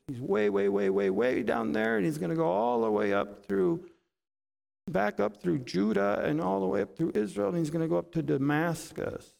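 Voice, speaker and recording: A man's voice: sits high, animated, normal speed, vocal fry. A man preaching a sermon with dramatic emphasis and rhetorical questions. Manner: dramatic, rhetorical questions, swings between loud bursts and hushed asides.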